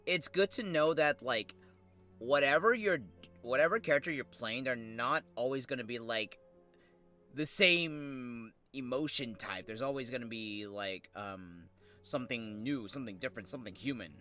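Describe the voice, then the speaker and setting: A man's voice: medium pitch, moderate pace, bright, forceful tone, faint music behind. A man streaming a game, talking casually in a rambling, hesitant way with lots of fillers; he is tired and slurs slightly from a sore tongue. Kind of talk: casual livestream commentary.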